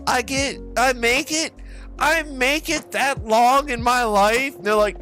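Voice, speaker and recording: A man's voice: extremely high pitch, takes it slowly, bright, forceful tone, soft background music. A man chatting casually while he plays a game, rambling and joking, with a lot of swearing. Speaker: streamer. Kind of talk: casual chat while gaming.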